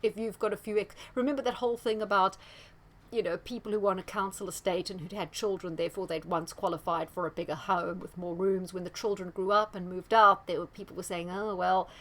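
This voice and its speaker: A woman's voice: mid-range voice, fairly even intonation, a little fast, a bit bright. A woman giving an emphatic solo commentary, full of asides and quoted voices. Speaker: astrologer presenting commentary. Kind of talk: casual monologue commentary.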